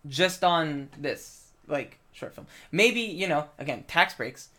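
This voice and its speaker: Rambling casual man, slightly high voice. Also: animated, slow pace, pushed and bright. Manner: rambling, lots of filler words and swearing. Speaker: film crew member. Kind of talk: casual chat.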